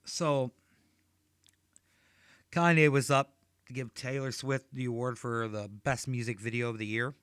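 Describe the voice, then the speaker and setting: Profane rambling stand-up comic. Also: male voice, medium pitch, fairly even intonation, a little slow, long pauses, fairly bright tone, clear, resonant tone, dry recording, studio quality. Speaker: stand-up comedian. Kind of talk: stand-up comedy set.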